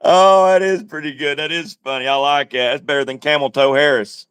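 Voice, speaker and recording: A man's voice: a little high, fairly even intonation, fairly quick, fairly bright tone, clean tone, no echo. A man co-hosting a casual livestream chat, talking in a laid-back, wry drawl. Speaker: livestream co-host.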